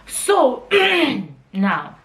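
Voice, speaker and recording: A woman's voice: high-pitched, wildly swooping pitch, drawn-out words, a bit bright, slight background noise, low-quality recording. Candid woman telling a personal story. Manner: candid and conversational, emotional at times. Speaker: podcast host.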